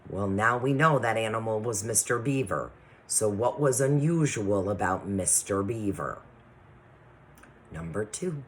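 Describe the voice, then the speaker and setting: A woman teacher reading a chapter book aloud to her class and then giving assignments, patient and deliberate, often checking in with the children. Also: very deep voice, lively intonation.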